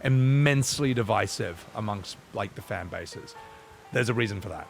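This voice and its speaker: A man's voice: lowish voice, expressive, normal speed, creaky, breathy edge, faint music behind. A male streamer ranting casually, blunt and emphatic, swearing often. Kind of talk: casual rant while gaming.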